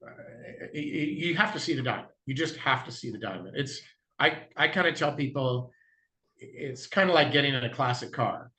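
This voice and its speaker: A man, a guest diamond dealer in a casual interview, telling anecdotes and acting out both sides of the dialogue, clearing his throat now and then. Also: medium pitch, animated, moderate pace, bright, forceful tone.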